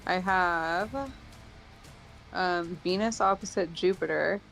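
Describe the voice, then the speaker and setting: A guest in a casual chat eagerly asking quick questions. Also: medium pitch, steady tone, creaky, fairly bright tone, soft background music.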